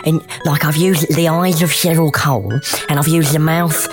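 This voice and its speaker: A young woman playing a mopey, self-pitying university student in a comedy sketch, talking in a deadpan, mournful way. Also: low voice, moderate pace, over music, natural voice. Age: young adult.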